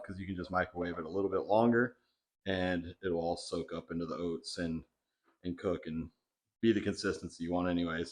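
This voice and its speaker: Young male vlogger, lowish voice, loose chatty kitchen narration with fillers. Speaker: bodybuilding vlogger. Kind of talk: casual vlog narration. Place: home kitchen.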